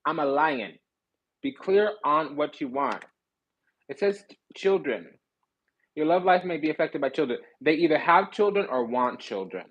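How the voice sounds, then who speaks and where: A man's voice: on the high side, animated, a little slow, highs cut off. A man giving a casual tarot reading, talking bluntly in slang and with swearing, and often stopping to restart his sentences. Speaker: tarot reader.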